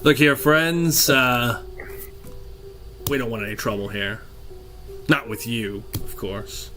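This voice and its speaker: A man voicing a friendly, smooth-talking human southerner in a tabletop game, speaking slowly and soothingly. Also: medium pitch, fairly even intonation, sharp tone, faint music behind.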